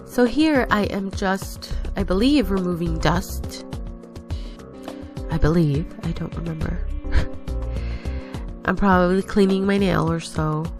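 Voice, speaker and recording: A woman with a somewhat low voice talks through her steps in a loose, rambling, self-correcting way, sounding a little out of breath. Her voice-over sits over faint background music. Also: a little slow. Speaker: nail tutorial vlogger. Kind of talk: casual voice-over narration of a tutorial.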